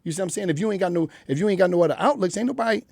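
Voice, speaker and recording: A man's voice: high-pitched, expressive, very fast, gravelly, darkish tone, dry recording. A middle-aged man with a Philadelphia accent, talking bluntly and profanely as a radio guest in a studio. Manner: blunt, profane street storytelling. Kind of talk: candid interview talk.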